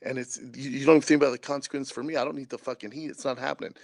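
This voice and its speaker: A man's voice: medium pitch, fairly even intonation, very fast, creaky, dry recording, pitched above the performer's own voice, lightly acted. A man doing an impression of a blunt, angry male host who swears and cuts people off. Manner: curt, swearing, exasperated.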